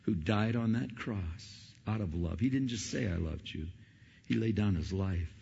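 Gravelly preacher man in a reverberant hall. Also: animated, a little slow, muffled recording. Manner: impassioned, rising to loud questions, then dropping low and soft. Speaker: pastor. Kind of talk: evangelistic Christmas sermon. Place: church sanctuary.

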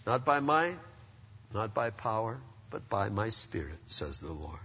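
A middle-aged male pastor preaching a sermon in an animated, conversational way, full of rhetorical questions. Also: lowish voice, unhurried, husky. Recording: dull sound with long reverb, as in a church hall.

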